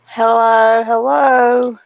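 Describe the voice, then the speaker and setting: A woman's voice: fairly high pitch, level tone, extremely slow, gravelly, no echo. A woman calling into a live stream in casual chat, sounding nasal and congested after nose surgery, easygoing. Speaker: caller. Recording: dry, dull lo-fi line.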